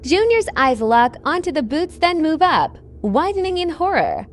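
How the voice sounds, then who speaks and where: A woman reading a horror story in a slow, measured scripted narration. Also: high voice, sing-song.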